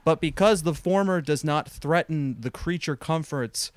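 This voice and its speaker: A man's voice: on the high side, a little slow, no room sound. A man co-hosting a podcast, telling a long wry anecdote in a casual, rambling way, full of "like" and restarts. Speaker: podcast co-host.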